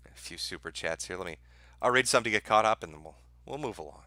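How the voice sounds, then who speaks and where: A man's voice: low-pitched, animated, quick pace, bright, forceful tone, no room sound. A man hosting a livestream, ranting sarcastically and profanely and laughing at his own jokes as he reads viewer super chats. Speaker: livestream host.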